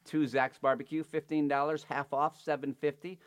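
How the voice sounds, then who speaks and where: A man hosting a cooking show chats and jokes with a guest and reads sponsor spots, repeating phone numbers. His voice is fairly high and clean, with a flat delivery at a moderate pace.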